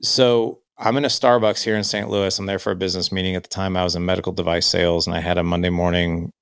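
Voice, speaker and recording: A man's voice: deep voice, flat delivery, fast, fairly bright tone, clean tone, no echo, clean studio sound. A man, candidly telling his life story in a reflective way. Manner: candid, reflective, quotes himself and others. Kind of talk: personal storytelling.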